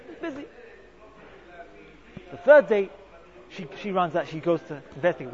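A man giving an animated Torah talk full of Hebrew and Yiddish terms, telling a story and acting out its quotes. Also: sits high, moderate pace, long pauses. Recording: dull lo-fi sound.

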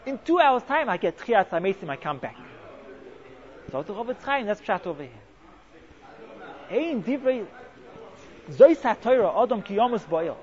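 Animated man giving a Torah talk. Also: high-pitched, measured pace, pauses often. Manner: animated storytelling, acts out quotes. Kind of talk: Torah talk with Hebrew and Yiddish terms. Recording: dull lo-fi sound.

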